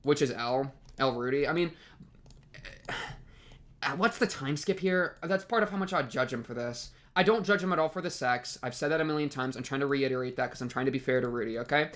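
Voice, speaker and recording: Young man, reaction commentary, exasperated rant, rambling restarts, mid-pitched voice. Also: a little fast, a bit bright. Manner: exasperated ranting with sudden pitch jumps. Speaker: anime reaction channel host.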